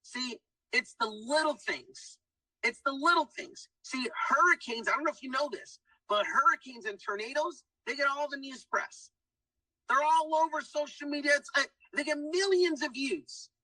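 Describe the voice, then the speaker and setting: A man's voice: extremely high pitch, normal speed, pushed and bright, no room sound, far from the mic, poor audio. A man giving an emphatic motivational testimonial, keeps saying guys and hyping people up. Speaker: testimonial speaker. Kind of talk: motivational pitch.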